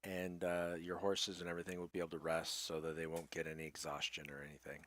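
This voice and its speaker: A man narrating as game master of a tabletop game in an easygoing way with many pauses. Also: sits low, monotone, a bit bright.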